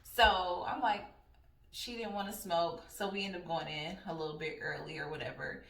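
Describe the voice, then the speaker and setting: A young woman vlogger telling a casual, profane story in a blunt, animated way. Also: on the low side, moderate pace. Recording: roomy sound from a distant mic.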